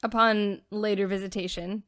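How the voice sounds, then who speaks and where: A woman's voice: mid-range voice, little pitch movement, moderate pace, fairly bright tone. A woman co-hosting a casual movie review podcast, mixing playful teasing with thoughtful asides. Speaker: podcast co-host.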